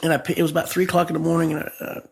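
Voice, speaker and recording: A man with a very gravelly, fry-laden voice that sits a little high, telling a story from his own life. He brings in each speaker's words as he tells it. His talk is heartfelt and personal. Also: flat delivery, very fast. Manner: vivid storyteller who acts out the dialogue. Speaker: guest pastor.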